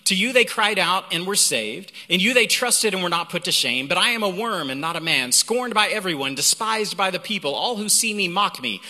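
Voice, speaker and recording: A man preaching a sermon as a guest preacher, animated and reading scripture aloud with emphasis. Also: high voice, brisk, few pauses. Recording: hall reverb.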